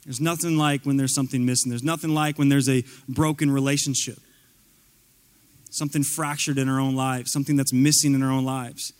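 A man preaching a sermon in a casual, conversational way, climbing to near-shouts and dropping to soft tones, with playful asides. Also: medium pitch, little pitch movement, fairly quick. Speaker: pastor.

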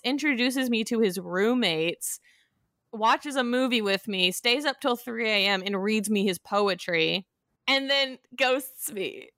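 A woman's voice: a little high, no room sound. Chatty young woman telling a story. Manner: chatty storyteller, fillers "like", animated retelling. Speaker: podcast co-host. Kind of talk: casual chat.

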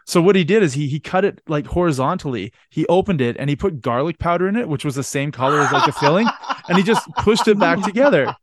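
A man's voice: a little high, lively intonation, fast talker, dry recording. Laughing, swearing man telling a story. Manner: laughs often, swears, acts out quoted lines. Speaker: podcast host. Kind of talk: casual storytelling chat.

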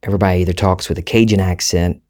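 Southern US male host, low-pitched, reflective storyteller, monologue delivery. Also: fairly even intonation, rapid-fire, darkish tone. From Deep South, USA. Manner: thoughtful, storytelling, self-reflective.

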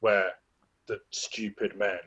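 A man rambles through a casual podcast discussion, doubling back on words as he works out his point. His voice is husky and a little rough around the edges. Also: on the low side, level tone, takes it slowly, a bit bright, highs cut off. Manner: rambling, repeats words while thinking. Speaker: podcast co-host. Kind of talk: casual chat about a TV play.

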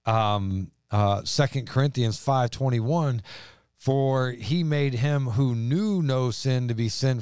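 A man's voice: mid-range voice, darkish tone, smooth, dry recording, clean studio sound. A man, a pastor co-hosting a podcast, talking earnestly and quoting scripture at length. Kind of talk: casual religious podcast chat.

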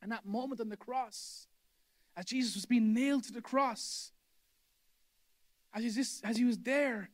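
A man with a notably high voice delivers a sermon as a pastor. He preaches with emphasis, circling back to the same phrases again and again to drive his point home. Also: measured pace, pauses often. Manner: emphatic, repeats key phrases for effect. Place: church hall.

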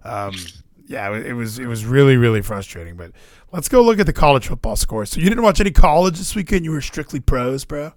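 A man's voice: mid-range voice, fairly quick, dry recording, clean studio sound. A young man, co-host of a podcast, talking about his football weekend in casual chat, swearing and restarting often. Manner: animated, swears, frequent fillers and restarts.

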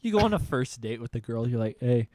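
A man's voice: medium pitch, fast, a little hiss or hum. A young man telling a story in casual chat, swearing freely and acting out what people said. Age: young adult. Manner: animated, swearing, acting out quotes.

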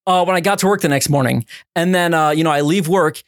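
A young man co-hosting a podcast, telling a story in casual chat, animated and swearing, his voice jumping high when excited. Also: quick pace, clean tone, no echo, clean studio sound. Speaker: podcast co-host.

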